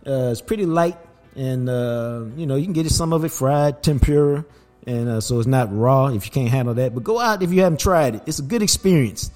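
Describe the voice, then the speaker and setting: An older man, hosting a podcast and telling a family story in a casual, animated way. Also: medium pitch, fairly quick, soft background music. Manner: animated, acts out voices in anecdotes. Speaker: podcast host.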